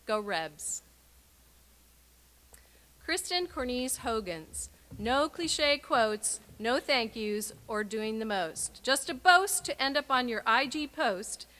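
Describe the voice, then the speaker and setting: At a graduation ceremony, a woman reads names and brief messages in a bright, forceful voice pitched slightly high. She speaks clearly and measuredly with lively intonation, closing with emphatic sign-offs.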